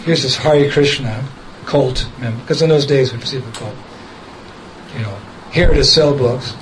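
A man's voice: mid-range voice, normal speed, background noise. A man casually telling a story from his past, often chuckling and quoting the people in it directly. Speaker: devotee recounting a memory.

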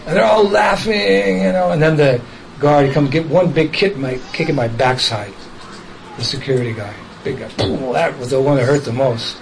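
A man telling a personal story in a casual, lively way, laughing as he goes and acting out other people's voices. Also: a little high, moderate pace, gravelly, a little hiss or hum, poor audio. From United States.

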